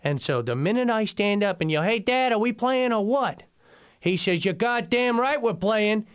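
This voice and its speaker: A man's voice: high-pitched, expressive, normal speed, clear, resonant tone. An actor playing a rambling, boozy male radio co-host on a comedic in-game talk station, telling a story full of fillers.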